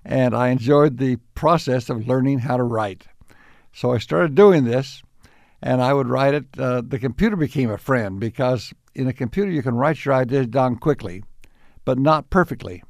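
A man's voice: mid-range voice, lively intonation, creaky, no room sound. Older man, interviewee, anecdotal, chuckling, mid-range voice, dry close sound. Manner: unhurried, warmly anecdotal, with chuckles. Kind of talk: reflective storytelling.

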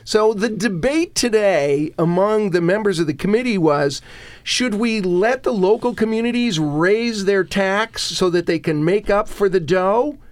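Animated high-voiced man griping. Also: no room sound. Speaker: state senator and regular panelist. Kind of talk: political talk radio chat.

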